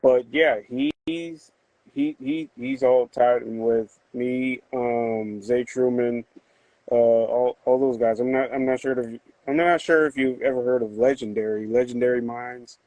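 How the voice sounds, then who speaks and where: A man as a guest in a casual livestream chat, soft-spoken and hesitant, often repeating words as he talks. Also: medium pitch, fairly even intonation, unhurried, no room sound, poor audio.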